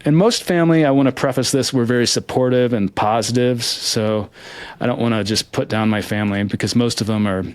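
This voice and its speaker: A man's voice: mid-range voice, a little fast, clear, resonant tone, dry recording. A man giving candid, reflective interview answers, earnest and hesitant with frequent restarts. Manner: earnest, hesitant, with many restarts and soft laughs. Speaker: interview guest, lottery winner.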